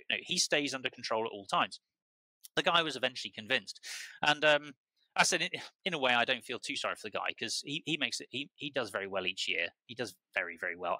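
A British man with a very bright, sharp voice tells stories as a podcast guest. He rambles and keeps restarting and repeating words. The recording is dry and close. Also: medium pitch, no echo, poor audio. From United Kingdom. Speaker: truffle grower, podcast guest. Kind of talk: casual conversational storytelling.

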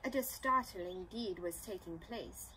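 Woman, children's storybook read-aloud, very slow, expressive, middle pitch. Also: a little hiss or hum, low-quality recording. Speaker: storybook reader.

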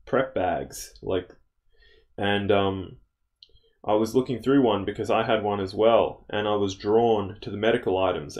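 A man's voice: on the low side, a little mellow. A young man recounting a dream as a casual spoken testimony, rambling with many fillers and restarts.

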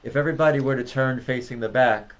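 A man's voice: mid-range voice, quick pace. Reflective man in casual chat.

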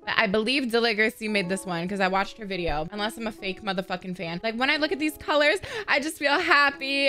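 A woman hosting casual gameplay commentary, loud, excitable and crude. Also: on the high side. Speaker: gaming host.

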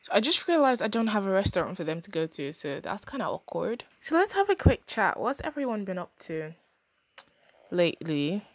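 Young woman chatting thru her sims game, lots of quick reactions, dry close mic. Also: mid-range voice, very animated, dry recording. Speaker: gaming channel host. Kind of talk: casual game commentary.

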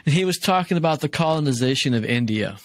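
A man co-hosting a casual podcast, laughing often and retelling comedy bits with lively asides. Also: on the high side, fast, dry recording, clean studio sound. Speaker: podcast co-host. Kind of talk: casual chat.

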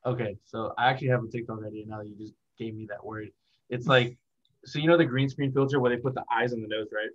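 A man's voice: mid-range voice, fairly even intonation, fast talker, dull audio. A young man chatting casually as an interview guest, rambling and laughing often. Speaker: guest, content creator.

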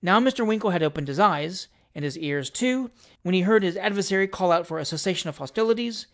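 A reader narrating a classic novel at a measured pace, with a wry, dry touch. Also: mid-range voice, fairly bright tone. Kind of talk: audiobook reading of a classic novel.

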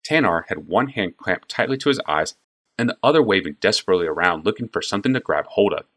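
A man narrates a fantasy novel with an expressive, storytelling delivery. His voice is deep, and his pitch moves lively through the action. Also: fast talker. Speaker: audiobook narrator. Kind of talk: scripted narration.

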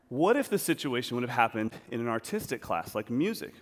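A man's voice: mid-range voice, a little fast, few pauses. A man giving a storytelling talk on a large auditorium stage, acting out scenes as he goes. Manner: animated, acts out scenes. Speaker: speaker at a talk. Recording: long reverb of a large hall.

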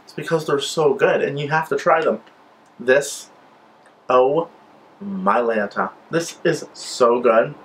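A man's voice: fairly high pitch, takes it slowly, a bit bright, poor audio. A man vlogging a casual product review of scented wax melts, gushing and enthusiastic as he sniffs each one.

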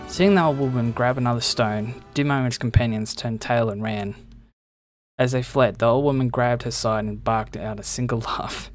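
A man narrates the story text of a video game in a steady storytelling way. His voice sits at a middle pitch. Faint music plays underneath. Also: normal speed.

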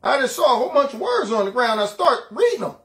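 A man's voice: very high voice, big pitch swings, fast, sharp tone, voice pushed up, heavily acted. A man mockingly impersonating a confused old male politician who strings random words together with stammering fillers.

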